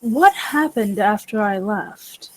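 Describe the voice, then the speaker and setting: Slow, earnest woman playing her character. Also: mid-range voice, animated, low-quality recording. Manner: earnest, measured, pleading. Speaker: player. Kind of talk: in-character tabletop role-play.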